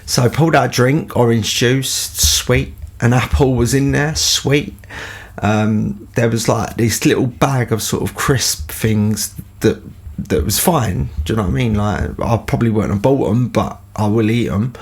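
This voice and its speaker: A man's voice: mid-range voice, unhurried, husky. A man, telling a rambling story as a podcast host, full of fillers. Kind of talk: casual anecdote.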